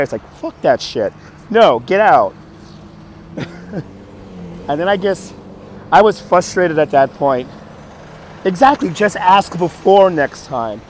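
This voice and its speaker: Hoarse man telling a story. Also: a little high, slight background noise. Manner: animated, exasperated retelling. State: hoarse, coughing. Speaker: live streamer. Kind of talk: casual storytelling to chat.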